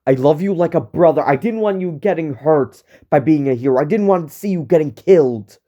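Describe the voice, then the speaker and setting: A man's voice: fairly high pitch, animated, a little fast, mellow, highs cut off, close to an everyday voice. A young man voicing a remorseful young male bully in pain who apologizes, in an amateur fan story reading. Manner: pained, apologetic.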